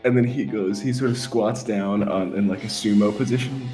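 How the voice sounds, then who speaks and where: A man narrates his move in a tabletop role-playing game. He pauses and hesitates often. His voice is low. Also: mellow, faint music behind. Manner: hesitant, filler-heavy. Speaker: player.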